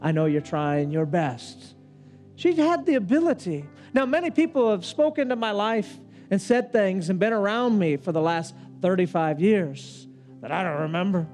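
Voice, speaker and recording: A man in his fifties telling a personal story in a sermon, in an animated, self-mocking way. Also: sits high, moderate pace, faint music behind. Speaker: preacher.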